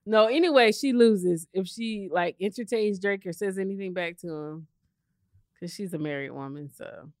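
A woman's voice: medium pitch, moderate pace, dry recording, clean studio sound. A woman co-hosting a casual podcast, teasing and swearing, laughing often. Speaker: podcast co-host. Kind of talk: casual chat.

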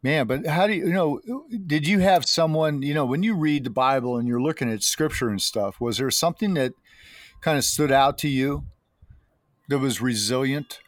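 A man's voice: mid-range voice, normal speed, no room sound, studio quality. A man hosting a casual interview, encouraging his guest and affirming what he says. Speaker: podcast host.

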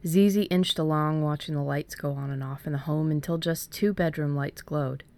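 A woman, an author, reading her own story aloud in a measured way and then chatting about it with hesitant fillers. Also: low-pitched, steady tone, a little mellow. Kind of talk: storybook narration, then casual chat.

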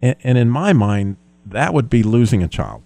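A man's voice: mid-range voice, big pitch swings, moderate pace, gravelly, mellow, dry recording. A man co-hosting a faith discussion, earnest and reflective, with frequent restarts. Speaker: co-host.

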